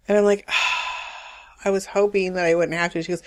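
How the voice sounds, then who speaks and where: A woman in her forties co-hosting a podcast, telling animated stories and swearing freely in casual chat. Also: lowish voice, moderate pace. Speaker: podcast co-host.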